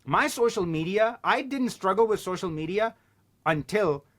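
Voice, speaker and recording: A man talking as a podcast guest, telling stories in an animated way and swearing casually. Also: high-pitched, moderate pace. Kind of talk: casual chat.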